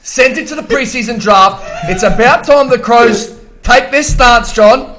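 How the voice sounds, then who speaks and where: A man co-hosting a sports podcast, ranting and shouting when worked up. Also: very high voice, measured pace, a little hiss or hum. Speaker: podcast co-host. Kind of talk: sports banter.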